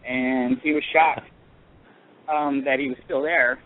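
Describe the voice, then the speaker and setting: A man on a radio call-in program tells an earnest personal story, stopping and restarting often as he halts along. Heard over a thin, tinny phone connection, his voice is middle-pitched with fairly even intonation.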